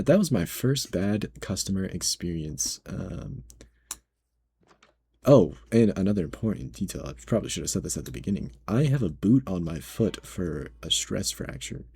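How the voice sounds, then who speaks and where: A man's voice: low voice, vocal fry, dark tone, husky, no room sound. A young man working as a grocery cashier, retelling a bad customer story in a casual, slangy, exasperated way.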